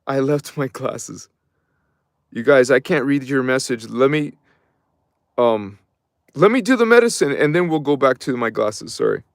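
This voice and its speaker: A middle-aged man, hosting a spiritual livestream from his phone. He swings between mumbled casual chatter and fervent shouted invocations. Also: medium pitch, lively intonation, measured pace, pauses often, dry recording, clean studio sound. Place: by his truck in a cold underground space at night.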